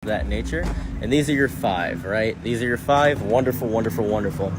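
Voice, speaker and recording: A man's voice: lowish voice, brisk, noisy background. A man giving mock-mystical tarot readings to strangers outdoors on a city street, making grand theatrical pronouncements.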